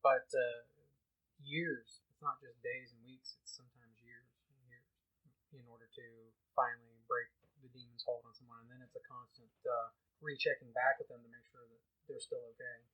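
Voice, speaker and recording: A man's voice: medium pitch, flat delivery, moderate pace, breathy edge, lo-fi sound. Rambling man on a podcast. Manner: musing, rambling with fillers. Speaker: podcast co-host. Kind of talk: casual podcast chat.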